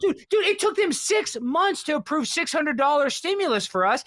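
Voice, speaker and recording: A man talking as a podcast guest in casual conversation, ranting excitably and mimicking other people. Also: very high voice, moderate pace, dry recording.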